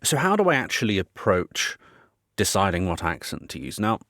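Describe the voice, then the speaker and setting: A voice actor explaining things in a measured way, with small restarts now and then. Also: male voice, sits low, very animated, a bit bright, no room sound, studio quality. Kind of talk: explainer talk to camera.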